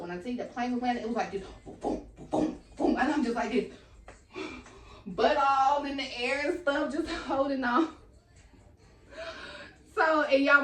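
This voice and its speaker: A woman's voice: on the high side, a little hiss or hum. Slangy young woman telling a story in a roomy echo. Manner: animated, slangy, acts out quotes. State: out of breath. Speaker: vlogger. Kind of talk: casual storytelling vlog. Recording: echoey room, mic at a distance.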